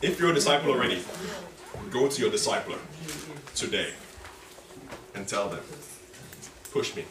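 Animated man preaching in an echoey hall. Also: on the low side, moderate pace, long pauses. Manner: animated, dramatic, repeats key phrases. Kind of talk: sermon with congregation call-and-response. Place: church hall. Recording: echoey hall, distant mic, background noise.

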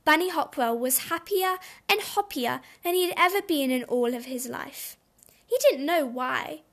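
A woman reading a children's storybook aloud in a gentle, expressive way. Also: high voice, moderate pace.

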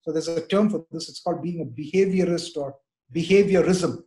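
A man's voice: fairly high pitch, brisk, dark tone. Middle-aged man teaching, lots of "right?". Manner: rambling, many fillers and "right?" checks. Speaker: church teacher leading a parenting class. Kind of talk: interactive online parenting lesson.

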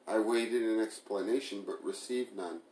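A man reading a first-person novel aloud in a measured, even manner. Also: lowish voice. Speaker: audiobook narrator. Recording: roomy echo.

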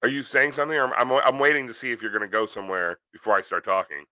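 A man's voice: mid-range voice, expressive, very fast, bright, forceful tone, no room sound, low-quality recording. A man co-hosting a podcast in casual chat, joking and swearing freely. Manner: profane, joking wrestling talk. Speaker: podcast co-host.

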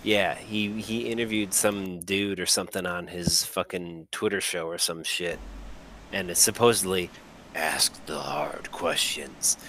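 A man's voice: sits low, steady tone, fairly bright tone, a little hiss or hum, poor audio. A man co-hosting a podcast in casual, profane chat, often restarting his sentences. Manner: profane, blunt, halting restarts. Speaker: podcast co-host.

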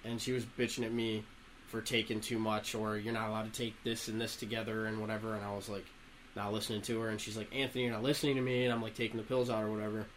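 A young man telling profane stories to friends in casual chat, animated and laughing between lines. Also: lowish voice, fast talker, slight background noise, rough recording. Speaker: storyteller among friends.

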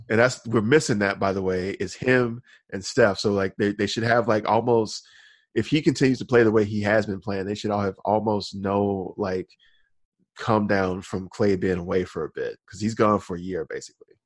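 Casting: man, lowish voice, loose podcast co-host who laughs a lot and restarts thoughts. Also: fairly even intonation, moderate pace, dry recording. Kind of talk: casual chat.

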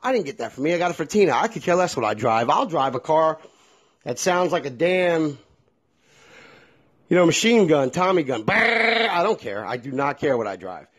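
Blunt, swearing man with a husky voice. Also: a little high, lively intonation, normal speed. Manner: blunt and profane, with a lot of feeling. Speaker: podcast host. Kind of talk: candid solo podcast monologue.

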